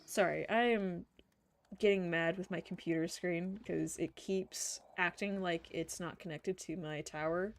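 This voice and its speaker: A woman's voice: lowish voice, fairly even intonation, a little slow. A woman streamer chatting through live gameplay, laughing often, swearing freely and muttering to herself. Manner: frequent laughter.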